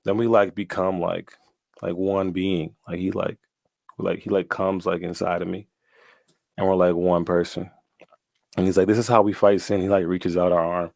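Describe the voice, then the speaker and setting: A man's voice: low-pitched, monotone, moderate pace, creaky, long pauses, darkish tone, dry recording, studio quality. A young man telling his story casually as a guest, slangy and often laughing, with lots of "like" and "bro.".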